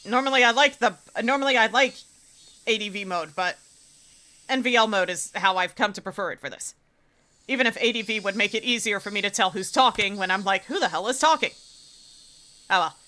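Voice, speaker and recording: A woman streamer reading a visual novel aloud, keeping the narration even and breaking into casual, expressive asides. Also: mid-range voice, fairly quick.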